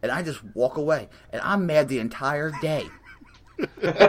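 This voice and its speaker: A young man telling a comedic story in an animated, profane rant, acting out his own lines. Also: fairly high pitch, moderate pace. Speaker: storyteller host.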